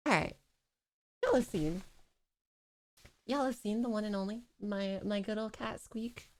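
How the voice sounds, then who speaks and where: A woman livestreaming a video game from her computer at home, chatting casually, excitable and joking, with frequent swearing. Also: a little high, moderate pace, pauses often, music in the background. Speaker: streamer. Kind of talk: casual gameplay livestream chat.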